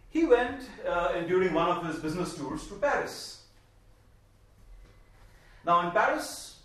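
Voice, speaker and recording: Male spiritual speaker, fairly high-pitched, emphatic storyteller, recorded far off in a very echoey room. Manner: animated, emphatic, with repeated phrases. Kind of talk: storytelling talk.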